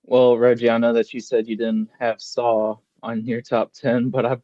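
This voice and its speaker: A man's voice: mid-range voice, normal speed, no room sound. Man with a dull, dry sound. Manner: steady, recounting film plots. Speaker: podcast co-host. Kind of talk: casual horror film discussion.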